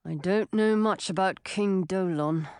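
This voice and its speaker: Brief: a woman playing a low murmuring man, hushed, dry close read. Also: a little slow, clear, resonant tone, no room sound. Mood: hushed worry. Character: worried grown man speaking low.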